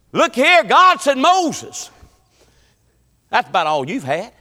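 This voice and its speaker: A middle-aged man, preaching a folksy, animated sermon full of repetition and bursts of song. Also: very high voice, measured pace, big-room sound.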